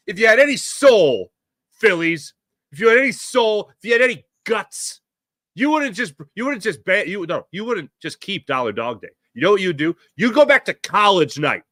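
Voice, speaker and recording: Animated, bright-voiced male sports host. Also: sits high, dry recording, clean studio sound. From Philadelphia area. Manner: animated, ranting, puts on quoted voices. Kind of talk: solo sports talk monologue.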